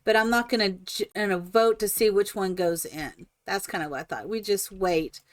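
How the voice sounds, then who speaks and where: A woman hosting a live stream, chatting excitedly and rambling while she builds in a game. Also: medium pitch, moderate pace, no room sound. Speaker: streamer host.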